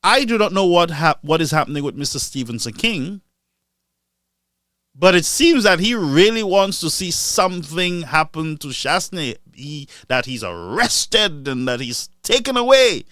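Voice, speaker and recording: Animated male commentator. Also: measured pace, dry recording. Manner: animated, mocking, swings between loud outbursts and low asides. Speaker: live-stream political commentator. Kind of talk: impassioned political commentary.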